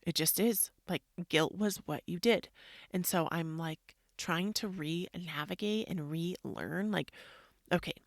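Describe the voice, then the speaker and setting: Her voice fairly low and a little slow, a woman in her thirties hosts a podcast, recorded dry and at studio quality. As a mother, she reflects on the struggles of parenting in a chatty monologue full of "like," acting out others' quotes.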